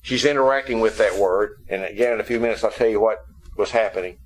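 A man's voice: lowish voice, quick pace, low-quality recording. A man preaching a sermon who explains scripture through humorous storytelling.

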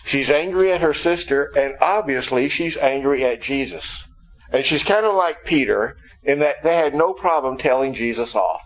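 A man's voice: mid-range voice, animated, moderate pace, low-quality recording. A man preaching a sermon who explains scripture through humorous storytelling.

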